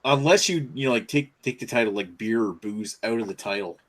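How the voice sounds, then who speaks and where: A man's voice: lowish voice, lively intonation, brisk, fairly bright tone. A man chatting casually about his beer channel, often restarting his sentences. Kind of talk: casual chat.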